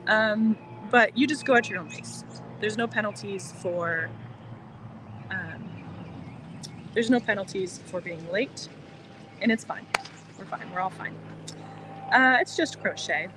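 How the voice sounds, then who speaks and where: Soft-spoken woman livestreaming outdoors. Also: medium pitch, a little slow, pauses often, background noise. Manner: chatty, reassuring, rambling. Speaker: crochet designer hosting a livestream. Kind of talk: casual livestream chat. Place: outdoors in the sun. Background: birds chirping.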